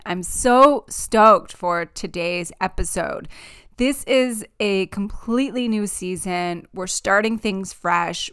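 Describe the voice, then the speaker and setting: A woman's voice: medium pitch, fairly bright tone, clear, resonant tone. A woman hosting her own life-coaching podcast, talking straight to listeners with eager, repetitive motivational phrasing, recording at home. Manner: enthusiastic, repetitive phrasing, speaks directly to listeners. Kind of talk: upbeat motivational podcast talk.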